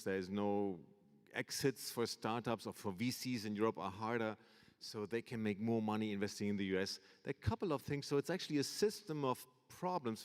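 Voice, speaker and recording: A professor moderating a panel, a man with a fairly low voice. he talks in a measured way and thinks aloud, and a long lecture-hall reverb trails his words. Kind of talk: panel discussion.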